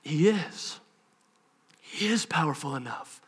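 A man's voice: fairly high pitch, lively intonation, slow pace, breathy edge. A man preaching a live church sermon, earnest and impassioned, acting out prayers and the voices of other people. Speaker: pastor. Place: church service.

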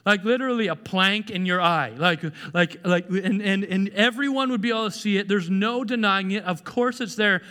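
A man's voice: sits high, normal speed, hardly any pauses, smooth. A man preaching a sermon in a conversational way, often restarting and repeating words. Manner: conversational, animated, acts out quoted voices. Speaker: pastor. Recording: echoey hall.

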